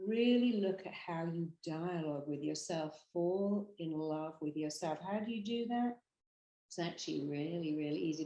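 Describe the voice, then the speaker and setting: A woman with a British accent, a therapist giving an emphatic, animated motivational talk straight to the camera. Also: fairly low pitch, echoey room, poor audio. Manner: emphatic, animated storytelling with acted quotes. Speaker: therapist and hypnotherapist.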